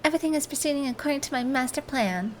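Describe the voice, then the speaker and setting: A woman doing a grandiose gentleman detective. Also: high-pitched, expressive, quick pace, a little hiss or hum, pitched above the performer's own voice. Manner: grandiose, theatrical declarations. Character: flamboyant, overconfident male gentleman detective.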